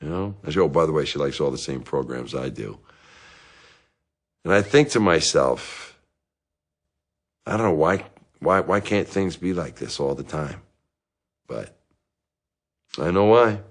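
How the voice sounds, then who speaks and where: A man playing a deep-voiced, self-pitying divorced dad. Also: expressive, a little slow, pauses often, exaggerated voice. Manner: rambling, self-justifying, with bursts of anger. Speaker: therapy patient. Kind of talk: comic monologue.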